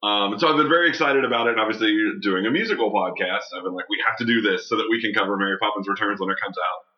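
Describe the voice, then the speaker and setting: A man co-hosting a podcast, telling stories in an excitable way with casual swearing. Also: on the low side, very fast, lo-fi sound. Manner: excitable, swearing, animated storytelling. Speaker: podcast co-host.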